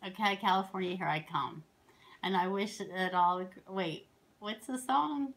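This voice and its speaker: A woman from Pennsylvania talks through her craft projects in a casual show-and-tell. She rambles happily, stacking asides and side stories. Her voice sits at an everyday middle pitch. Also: unhurried, a little hiss or hum. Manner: rambling and excitable, with many asides. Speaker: crafting vlogger.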